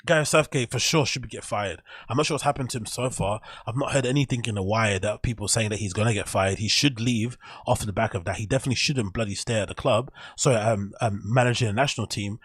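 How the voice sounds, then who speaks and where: A man's voice: on the low side, quick pace, hardly any pauses, slightly rough, no room sound. A young man with an English accent, hosting a casual solo show and ranting with frustration and frequent swearing. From England. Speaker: show host.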